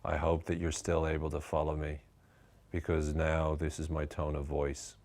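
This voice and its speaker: A man voicing a bored man who drones slowly and mumbles without enunciating. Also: a bass voice. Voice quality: flat, mumbling, drawn-out delivery. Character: bored adult man droning listlessly.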